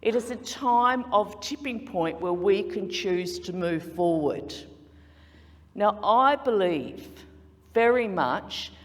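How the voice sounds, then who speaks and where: A woman's voice: mid-range voice, expressive, slow pace. A woman with an Australian accent giving an earnest, persuasive contest speech in a large conference hall.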